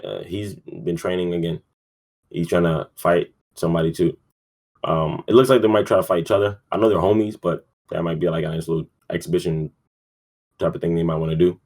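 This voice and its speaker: A man's voice: low-pitched, steady tone, fairly quick, darkish tone. A man hosting a podcast, rambling and profane, with many fillers, sounding sleepy. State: yawning, sleepy. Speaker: podcast host. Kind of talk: casual sports talk.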